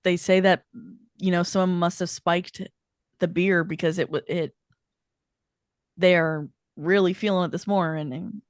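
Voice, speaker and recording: A woman running a tabletop role-playing game as game master, playful and quick to laugh. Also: lowish voice, fairly even intonation, no echo, studio quality.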